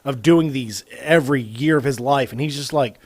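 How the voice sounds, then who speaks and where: A man with a medium-pitched voice hosts a casual podcast chat at normal speed through a studio microphone. He tells stories animatedly, swears a lot, and acts out what people said.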